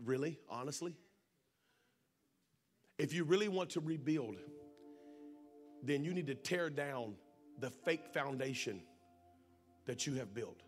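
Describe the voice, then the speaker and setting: During a church service, a man preaches a sermon built around a personal story, speaking straight to the congregation. His mid-range voice is animated but slow, with long pauses, and faint music plays behind him. The storytelling is earnest throughout.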